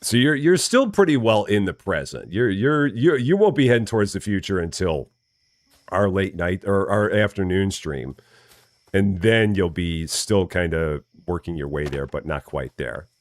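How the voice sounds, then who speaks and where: A man with a low, lively voice chats at a normal pace, with no echo, while playing a farming game on a live stream. Friendly and casual, he greets viewers by name and often repeats himself. It's early morning and he's still waking up.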